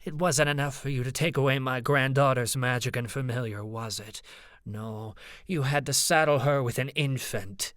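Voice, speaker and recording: A man's voice: medium pitch, fairly even intonation, normal speed, a bit bright, no room sound, studio quality, natural voice. A man voicing a hissing, spiteful old sorceress. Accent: transatlantic. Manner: hissing, cold, contemptuous. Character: spiteful elderly woman fire sorceress, domineering grandmother.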